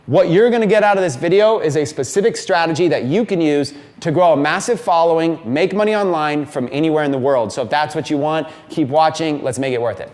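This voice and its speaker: This is a male trainer leading a live marketing session, his voice sitting well above the usual male range. He drives every point with energetic emphasis and fast repetitions, as if pumping up a room of students. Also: on the high side.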